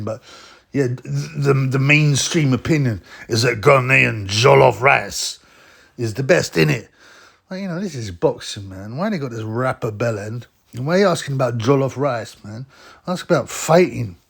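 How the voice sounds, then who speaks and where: A man rambles through casual boxing commentary with a gravelly, fry-laden voice. He is blunt and mocking, and his pitch sits in an ordinary middle range. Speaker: boxing vlogger.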